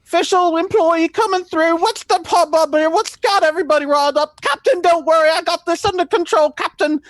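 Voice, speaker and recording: A man voicing a jumpy, eager male ship employee who talks in a flustered squeak. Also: a little fast, no echo.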